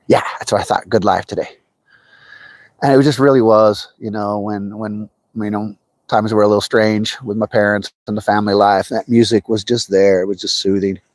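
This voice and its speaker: A man's voice: fairly low pitch, normal speed, no echo. Chatty man livestreaming while fishing. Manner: chatty, greets viewers by name, excitable when a fish bites. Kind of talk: casual live chat while fishing. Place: outdoors by a trout stream.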